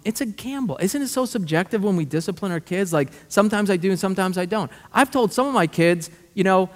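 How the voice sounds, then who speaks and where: A male pastor preaching a sermon, animated and conversational, full of rhetorical questions. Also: high-pitched, quick pace, few pauses. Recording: long hall reverb.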